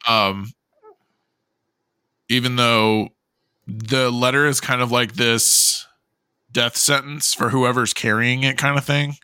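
A man's voice: medium pitch, fairly even intonation, slow, long pauses, pushed and bright, clear, resonant tone, dry recording. A man co-hosting a casual movie podcast, blunt and emphatic, swearing freely. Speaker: podcast co-host.

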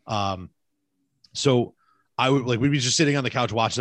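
A man's voice: medium pitch, normal speed, a bit bright, dry recording. A man co-hosting a casual movie podcast over a video call, rambling and correcting himself as he talks. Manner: rambling, self-correcting, chatty. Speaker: podcast co-host. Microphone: remote video call recording.

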